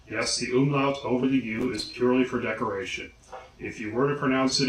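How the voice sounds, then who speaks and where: A man hosting a casual video guide, slowly and deliberately enunciating each name. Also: mid-range voice, a bit bright. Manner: slow, deliberate enunciation of names. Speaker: vlogger. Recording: echoey room.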